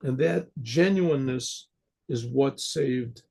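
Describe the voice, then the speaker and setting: Rabbi guy telling a story, husky gravelly voice, keeps clearing his throat. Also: mid-range voice, takes it slowly, a little mellow. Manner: conversational, frequent throat clearing and restarts. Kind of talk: storytelling sermon.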